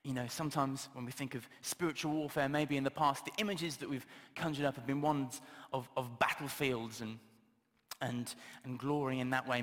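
A man's voice: medium pitch, fairly bright tone. A man giving a casual, humorous sermon, chatty and self-deprecating, with plenty of filler words. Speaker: preacher. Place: church hall. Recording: long reverb of a church hall.

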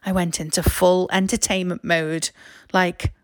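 A woman with a Liverpool accent, reading her own memoir stories aloud in a wry, self-mocking, expressive way. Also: on the low side, measured pace, dry recording, studio quality. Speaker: author and narrator. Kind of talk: memoir storytelling, read aloud.

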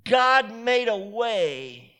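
Pastor, male, very high bright voice, emphatic sermon delivery with repeated phrases building to shouts. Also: very animated, drawn-out words, clear, resonant tone.

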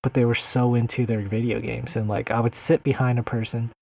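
A man's voice: medium pitch, little pitch movement, a little fast, creaky, dark tone, husky. A man chatting casually on a podcast, rambling through his story with lots of fillers. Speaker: podcast co-host.

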